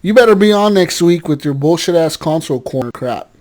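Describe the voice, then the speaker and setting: A man's voice: on the high side, animated, a little fast, natural voice. A man putting on a rowdy drunk Aussie bloke. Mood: drunken rant. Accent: put-on Australian. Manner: loud, laughing, crude.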